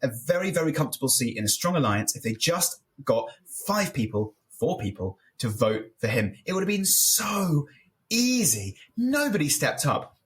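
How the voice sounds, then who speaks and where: A man co-hosting a podcast in casual chat, joking and animated. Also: on the high side, normal speed. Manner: jokey, animated. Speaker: podcast co-host.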